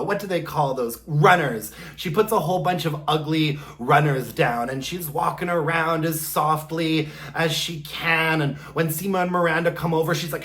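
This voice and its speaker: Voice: medium pitch, fairly bright tone. A vlogger giving a casual, rambling recap of a TV episode, with lots of "like"s and spoken sound effects. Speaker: candle review vlogger.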